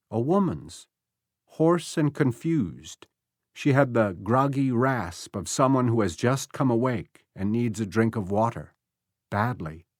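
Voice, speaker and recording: A man narrating an audiobook thriller in a measured, expressive storytelling manner, recorded close on a studio mic. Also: fairly low pitch, dry recording. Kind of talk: scripted narration.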